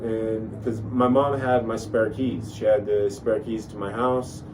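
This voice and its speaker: A man's voice: lowish voice, fairly even intonation, unhurried. A man telling a long personal story in a casual, rambling way, full of fillers and restarts. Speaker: podcast host telling a story. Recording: distant mic with faint noise.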